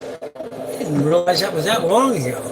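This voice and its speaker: An older man talks casually on a live stream from aboard a yacht, speaking into a phone. He rambles and fills gaps with ums and uhs. Engine and wind hum sit clearly behind his voice. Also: high voice, very animated, moderate pace. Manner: rambling, chatty, many fillers. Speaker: boat captain livestreamer.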